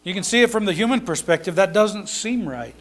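A man's voice: high-pitched, expressive, a little fast, a bit bright. A man giving an informal sermon, reading scripture and explaining it in a conversational way with asides and fillers. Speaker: preacher.

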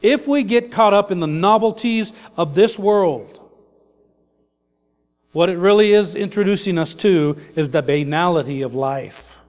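A man's voice: high voice, measured pace, a little mellow, long reverb tail. A man preaching a sermon as pastor, earnest and repetitive, building his points in lists.

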